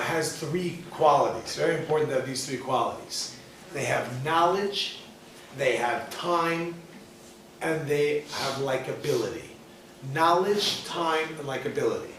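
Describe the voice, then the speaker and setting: A man teaching a class as a rabbi, animated and questioning, acting out quoted people. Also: a little high. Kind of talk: lively lecture with questions to the audience. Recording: echoey room, mic at a distance, faint noise.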